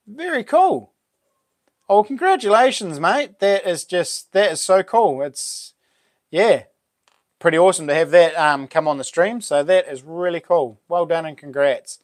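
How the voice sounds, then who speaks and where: A New Zealand man hosts a laid-back live stream, reading out viewers' messages and answering them. His voice sits a bit high for a man, and the sound is close and dry with no room echo. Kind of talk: casual live stream chat.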